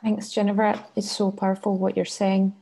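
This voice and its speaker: A woman's voice: medium pitch, level tone, moderate pace, vocal fry, dark tone, husky. A woman student sharing her own experience in a reflective, somewhat hesitant way. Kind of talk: personal sharing.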